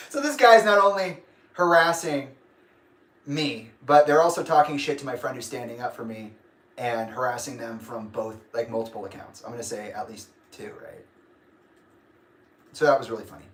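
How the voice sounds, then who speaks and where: A man's voice: medium pitch, moderate pace, pauses often, a bit bright. A young man hosting a casual livestream, rambling and grumpy, laughing often. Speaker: livestream host. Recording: echoey room.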